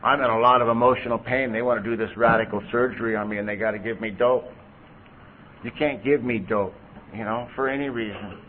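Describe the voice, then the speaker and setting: A man's voice: mid-range voice, steady tone, brisk, slight background noise. A middle-aged man from California telling his recovery story at a meeting, candid and conversational, full of "you know". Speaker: AA speaker. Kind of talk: recovery testimony. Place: convention hall podium. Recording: tinny lo-fi tape recording.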